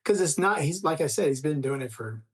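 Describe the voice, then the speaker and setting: A middle-aged man, a screenwriter chatting as an interview guest, rambling with many restarts and trailing off softly. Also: on the high side, animated, brisk. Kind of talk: casual interview conversation.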